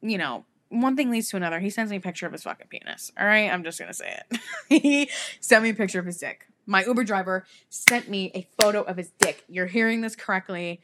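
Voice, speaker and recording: A young woman co-hosting a podcast talks fast, telling an animated story in casual chat while swearing freely and laughing a lot. Her pitch is medium, and a little hiss or hum sits under the recording.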